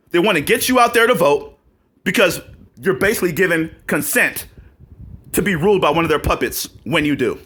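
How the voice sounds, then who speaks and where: A man's voice: a little high, husky. A man ranting to camera in a vlog, profane and combative, firing off rhetorical questions and breaking into mocking laughs. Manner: mocking laughs and loud outbursts. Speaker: vlogger.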